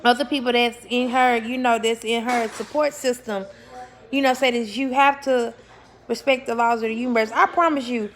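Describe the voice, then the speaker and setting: A woman's voice: fairly high pitch, fairly even intonation, normal speed. A young woman talking casually to her viewers about spirituality, blunt and swearing freely, often repeating words for emphasis and laughing as she talks. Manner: laughs while talking, self-correcting. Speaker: spiritual vlogger. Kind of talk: casual spiritual talk to camera.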